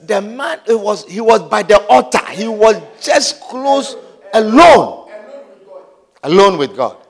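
A man's voice: high-pitched, big pitch swings, slow, gravelly. A pastor preaching a sermon. He repeats key phrases for emphasis and keeps asking the congregation whether they understand.

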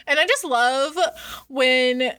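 A woman's voice: high voice, slow, pushed and bright, no room sound. Chatty woman recapping a story, dry sound. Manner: chatty, filler-heavy retelling with voiced quotes. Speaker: podcast co-host recapping a book. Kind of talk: casual chat.

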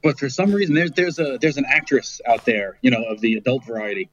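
A man who is a podcast guest, talking in halting, self-conscious casual banter. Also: mid-range voice, highs cut off.

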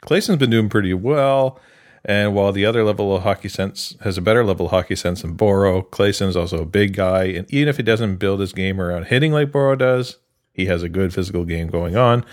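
A man's voice: deep voice, brisk. A man co-hosting a casual hockey podcast, chatty and given to chuckles while reading an email. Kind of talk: casual chat and reading aloud.

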